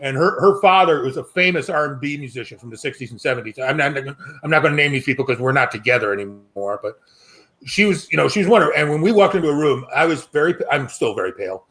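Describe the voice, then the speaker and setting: A middle-aged man with a somewhat high voice, speaking in a casual panel discussion. He tells his stories with animated, profane energy and acts out the voices of the people in them. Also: quick pace. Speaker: panel guest.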